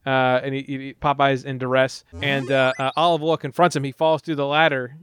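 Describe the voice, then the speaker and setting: A man's voice: mid-range voice, level tone, fairly quick, fairly bright tone, slight background noise. A man recapping a movie in casual comedic chat, swearing a lot and acting out the characters' lines. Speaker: podcast co-host.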